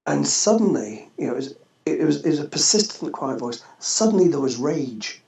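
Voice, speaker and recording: A man, a former social worker, telling a personal story in an interview, halting and restarting often. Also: a little high, big pitch swings, vocal fry, darkish tone. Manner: halting, with frequent restarts and fillers. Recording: echoey, slightly dull podcast audio.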